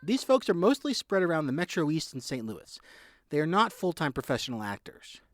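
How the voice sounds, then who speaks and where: A man reporting a scripted radio news feature in a lively, measured delivery. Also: on the high side, heavy background noise.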